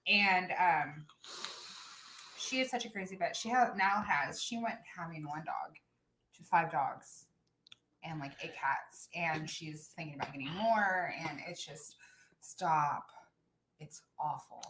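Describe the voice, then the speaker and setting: A woman co-hosting a relaxed talk show with a bright, sharp-edged voice. She chats frankly and wanders into asides. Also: low-pitched, takes it slowly, a little hiss or hum, low-quality recording. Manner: chatty, frank, rambling asides. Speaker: podcast co-host. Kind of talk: casual chat.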